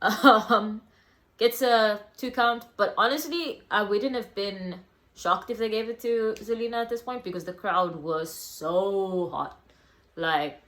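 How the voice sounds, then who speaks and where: A woman's voice: medium pitch, fairly bright tone. A woman casually reviewing a wrestling event for her vlog, rambling a little with lots of ums and small laughs.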